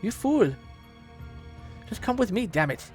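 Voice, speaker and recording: A man voicing a gruff, protective old blacksmith who talks brusquely and urgently. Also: high voice, big pitch swings, measured pace, a little mellow, faint music behind, pitched above the performer's own voice. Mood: stern.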